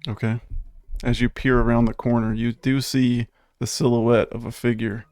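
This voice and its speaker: A man running a tabletop game as game master, narrating scenes and calling for rolls in a relaxed way. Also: mid-range voice, normal speed, clean tone, no room sound.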